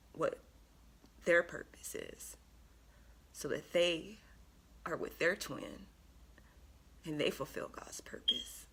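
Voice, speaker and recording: A woman giving an earnest, emotional spiritual card reading to her viewers, pausing often with ums. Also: low voice, a bit bright, breathy edge. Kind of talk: tarot reading monologue.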